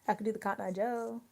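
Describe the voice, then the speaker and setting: A woman's voice: lowish voice, mellow. A young woman from Maryland chatting casually on a livestream, rambling with lots of fillers. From Maryland, USA. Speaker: livestream host.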